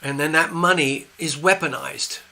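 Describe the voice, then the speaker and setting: A man's voice: a little high, normal speed, bright, forceful tone. An older man hosting a live stream, giving opinionated, rambling commentary with frequent restarts. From USA. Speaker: host.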